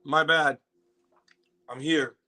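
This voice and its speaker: Excitable man hosting a reaction stream. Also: fairly high pitch, slow. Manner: excitable, exclaims and swears loudly; apologetic, repeats himself. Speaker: livestream host reacting to a trailer. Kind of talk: casual livestream chat.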